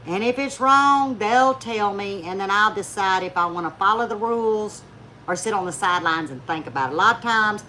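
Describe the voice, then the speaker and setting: A woman vlogging on YouTube tells homespun stories to her viewers in a medium-pitched, sharp-toned voice, over a faint hiss or hum. Her manner is chatty, full of laughter, and she acts out the characters she mentions.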